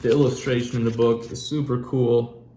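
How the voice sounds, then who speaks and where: A man's voice: mid-range voice, level tone, normal speed, mellow, slight background noise. A man teaching a recorded literature lesson in a casual way, with frequent fillers and restarts. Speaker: English teacher.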